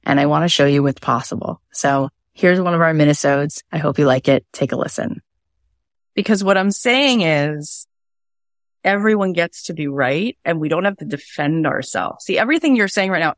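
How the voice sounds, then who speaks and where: Earnest woman, low voice, dry sound. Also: no echo. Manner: earnest, animated, talks in quick bursts with emphatic repetition. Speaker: podcast host. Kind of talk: casual motivational talk.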